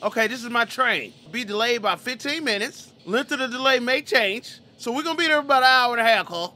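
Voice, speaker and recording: A gaming YouTuber does casual let's-play commentary, slangy and joking, reading game text aloud and riffing on it with lots of swearing. His very high voice is animated, a little fast, and sharp in tone.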